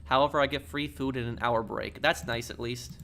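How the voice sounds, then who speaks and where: A male streamer chatting casually with his viewers, his voice sitting at an ordinary middle pitch. He reads their messages aloud and answers with frequent ums and false starts, while a faint hum of ambience stays behind him. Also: steady tone, brisk, vocal fry, bright, forceful tone. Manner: rambling and hesitant, with frequent ums and restarts. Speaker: game streamer.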